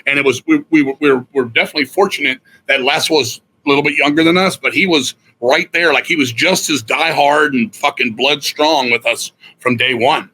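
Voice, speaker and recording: A man's voice: mid-range voice, moderate pace, hardly any pauses, sharp tone, breathy edge. A middle-aged man, a guest musician, telling a candid story in a profane, rambling way, often restarting his sentences.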